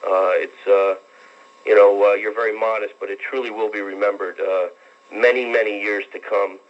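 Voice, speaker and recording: A man's voice: lowish voice, little pitch movement. Earnest young male radio caller. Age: 20s. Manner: earnest, rambling, halting. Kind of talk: phone-in talk radio. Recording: dull lo-fi radio broadcast.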